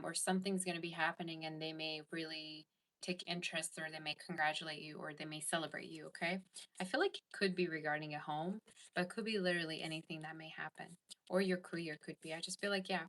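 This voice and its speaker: A woman's voice: fairly low pitch, a bit bright. A woman hosting a casual tarot livestream, chatting and reading viewer comments aloud. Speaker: tarot reader and livestream host.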